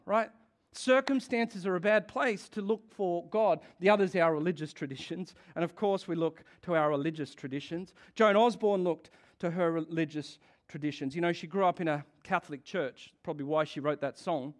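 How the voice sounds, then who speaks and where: A pastor preaching a conversational sermon, asking the congregation questions and laughing often. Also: male voice, high voice, expressive, fairly quick.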